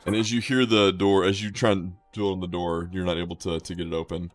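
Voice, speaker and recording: A man narrating a tabletop game as game master, loose and halting, with many restarts. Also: deep voice, level tone, soft background music.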